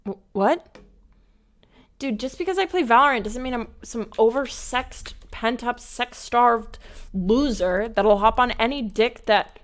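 A woman's voice: on the high side, a little slow. A young woman gamer in a comedy skit, talking in a snappy, irritated and defensive way.

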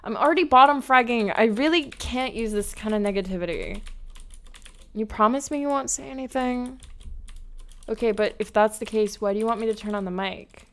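Young woman, gamer, fairly high voice, snappy, irritated, defensive comedy skit. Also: normal speed.

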